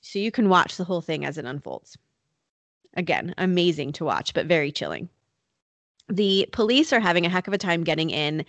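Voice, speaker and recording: Low-voiced woman telling a story. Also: animated, a little fast, a bit bright, dry recording. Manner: conversational, many "like" and "you know" fillers. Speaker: podcast host telling a true crime story. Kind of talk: casual storytelling chat. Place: North Carolina.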